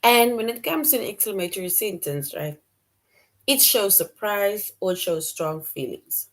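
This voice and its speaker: A woman's voice: mid-range voice, animated, normal speed. A woman teaching a middle-school grammar lesson, repeating key points and explaining with examples.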